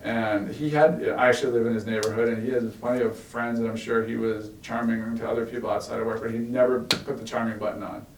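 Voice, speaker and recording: Middle-aged male ex-executive, gravelly, animated anecdotes, recorded far off in an echoey room. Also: medium pitch, quick pace, few pauses. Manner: animated, laughs while recounting anecdotes. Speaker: former tech executive sharing stories. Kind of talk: relaxed storytelling in a Q&A. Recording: roomy and from far off with faint noise.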